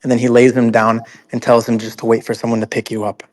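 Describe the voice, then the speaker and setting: Calm male tabletop player. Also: mid-range voice, fast, low-quality recording. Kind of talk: describing character actions in a tabletop game.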